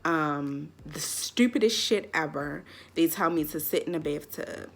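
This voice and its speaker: A woman's voice: sits low, a little slow. A young woman vlogger telling a personal story in a casual, candid way, full of "like". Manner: chatty, lots of "like", candid.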